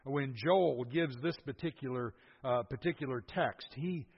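Husky older preacher in a reverberant hall. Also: male voice, medium pitch, measured pace. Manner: expository, explains scripture verse by verse with emphatic asides. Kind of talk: sermon. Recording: husky voice, dull lo-fi sound, long hall reverb.

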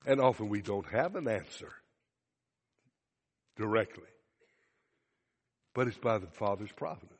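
A man's voice: lowish voice, unhurried, pauses often. A man preaching a sermon to a congregation, asking them questions and acting out bits of dialogue. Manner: animated, acts out dialogue, asks the congregation questions. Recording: long hall reverb.

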